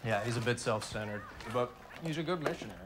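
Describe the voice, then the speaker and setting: A man's voice: medium pitch, fast, very noisy, lightly acted. An actor playing a young male missionary, easygoing and level-headed, in film dialogue. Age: young adult.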